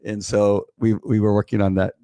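A middle-aged man co-hosting a casual chat podcast, talking in a rambling way with many restarts and repeated words, and getting animated when he quotes others. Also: lowish voice, moderate pace, no room sound. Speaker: podcast co-host.

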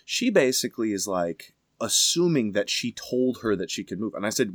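A man casually telling a story with emphatic, animated delivery. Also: lowish voice, brisk, hardly any pauses, no room sound, clean studio sound.

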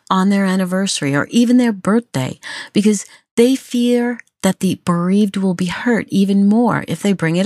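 Gentle lower-voiced woman host. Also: no echo, studio quality. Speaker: podcast host. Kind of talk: scripted advice talk.

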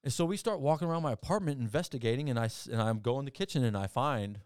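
The man's medium-pitched voice is clear and resonant, with lively intonation and a racing pace, recorded in a studio with no room sound. As a podcast guest, he tells rambling stories laced with swearing and restarts. He performs quoted people with dramatic shifts in voice.

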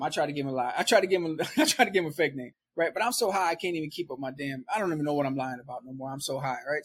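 Animated man telling a street story. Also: fairly high pitch, husky. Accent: Milwaukee. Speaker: storyteller guest. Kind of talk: casual storytelling.

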